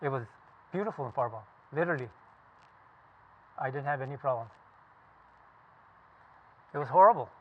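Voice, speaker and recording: A man's voice: medium pitch, animated, moderate pace, long pauses. A man in his seventies from California, a veteran telling his story to a group of listeners in a blunt, profane, emphatic way. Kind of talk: casual spoken recollection to a group. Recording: tinny phone-like sound.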